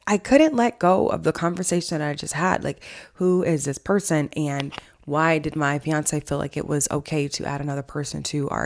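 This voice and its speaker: A woman hosting a casual storytime vlog, chatting through a personal story and acting out what people said. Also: sits low. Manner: chatty storytelling, acts out quoted dialogue. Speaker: vlog host and family counselor.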